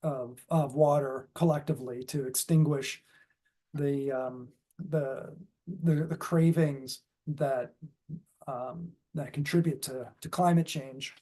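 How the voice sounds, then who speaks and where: A man's voice: medium pitch, steady tone, slow pace, warm tone. A man giving a dharma talk in a casual, rambling way with many fillers and restarts. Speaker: dharma speaker.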